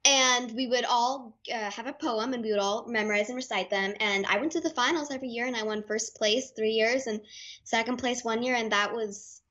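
A young woman speaks as an interview guest in a fairly high voice. She is bubbly and expressive, and she tells her stories with eager energy. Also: brisk. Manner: bubbly and expressive, gushing exclamations. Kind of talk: casual interview storytelling.

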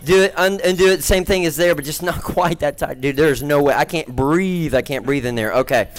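Joking stage magician working a crowd. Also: male voice, fairly high pitch, brisk, faint music behind, poor audio. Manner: playful, joking, coaxing the crowd. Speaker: gospel magician. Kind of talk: stage show with audience volunteers. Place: large stage before a live audience.

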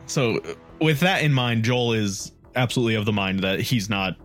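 Wry low-voiced male player. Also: lively intonation, normal speed, fairly bright tone, faint music behind. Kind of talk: casual tabletop role-play.

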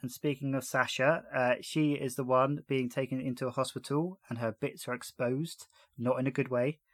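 A podcast host with a medium-pitched voice recaps a TV episode in relaxed, casual chat at a moderate pace. He sounds easy and amused, retelling scenes drily and laughing along the way. The recording is close and dry, with no room echo.

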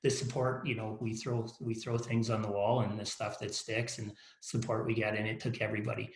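A man's voice: fairly low pitch, little pitch movement, brisk. A man speaking as a guest on a podcast, telling stories frankly and often repeating and restarting his words. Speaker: company leader, podcast guest. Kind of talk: casual storytelling interview. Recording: roomy echo.

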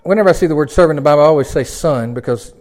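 A man preaching a sermon in a folksy way, swinging from loud emphatic peaks down to quiet low lines. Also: rapid-fire. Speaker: pastor.

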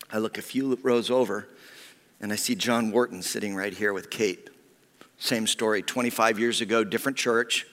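A man preaching a sermon as pastor, heartfelt and personal, often sinking to a hushed whisper. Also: mid-range voice, animated, normal speed. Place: church sanctuary. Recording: long reverb of a church hall.

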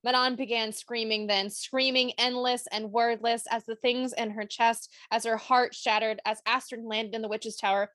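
A woman's voice: on the high side, little pitch movement, moderate pace, hardly any pauses, fairly bright tone, dry recording. A woman co-hosting a book podcast, reading passages aloud and reacting emotionally in casual chat. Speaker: podcast co-host.

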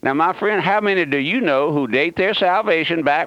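A man's voice: fairly high pitch, expressive, normal speed, hardly any pauses, dry recording. A man preaching a radio sermon in a folksy, emphatic way, with many fillers and restarts. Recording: dull, dry radio broadcast.

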